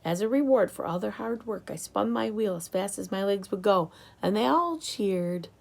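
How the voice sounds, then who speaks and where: A woman narrating a children's book in an expressive storytelling manner. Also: mid-range voice, normal speed, creaky. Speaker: audiobook reader.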